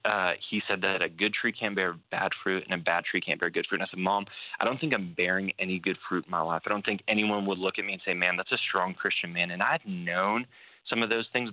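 A young man with a very low voice tells a candid personal testimony, acting out bits of dialogue as he goes. The sound is thin and tinny, like a phone line. The recording is dry, with no room echo. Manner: candid, storytelling with quoted dialogue. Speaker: church member sharing testimony.

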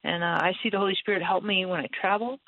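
A woman's voice: medium pitch, fast, no echo. A woman guest in a casual faith conversation, candid and laughing often as she acts out her own voice in stories. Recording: tinny phone-like line, dry.

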